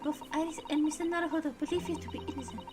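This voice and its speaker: A woman reading game dialogue aloud as a polite, formal young Japanese woman, soft and measured. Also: high-pitched, steady tone, music in the background, lightly acted. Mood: gently reproachful.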